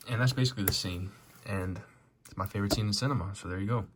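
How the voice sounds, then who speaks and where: A man with a lowish voice talks through a movie in loose, rambling commentary. He swears freely and throws in joking asides, with a faint hiss in the background. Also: quick pace. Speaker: movie reaction host.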